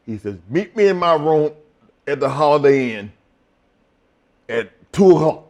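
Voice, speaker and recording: Middle-aged male interview guest, high-ish lively voice, profane storyteller. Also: measured pace, muffled recording. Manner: profane, animated storytelling with acted quotes. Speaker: interview guest, former wrestler.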